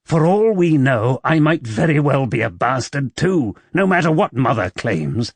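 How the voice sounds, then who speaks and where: Casting: a brooding young nobleman, read by a male narrator, coaxing and intense, with a lively pitch. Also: unhurried, husky, dry recording, heavily acted.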